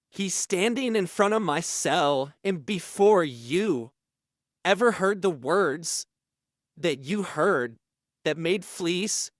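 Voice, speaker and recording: A man telling an absurd prison story in an earnest, deadpan way. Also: high-pitched, dry recording, studio quality. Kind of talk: comedic storytelling.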